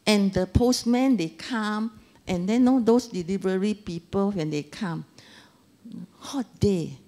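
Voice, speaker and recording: A woman's voice: mid-range voice, slow. A woman in her sixties with a Singaporean English accent, giving an anecdotal Dharma talk full of local slang. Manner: animated storytelling with local slang. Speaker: Dharma speaker.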